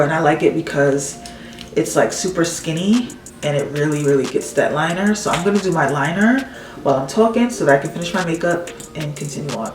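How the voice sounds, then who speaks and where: Doing her makeup at home, a woman with a lowish voice casually vents through a story, acting out people's words with animated exasperation. She's far from the mic, the sound is reverberant, and the recording quality is rough.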